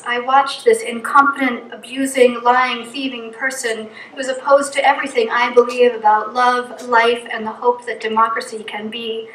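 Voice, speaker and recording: A woman's voice: a little high, fairly bright tone, echoey room, distant mic, a little hiss or hum, rough recording. A middle-aged woman from New England gives an earnest personal reflection from a church pulpit, telling a story and reeling off long lists. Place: church hall.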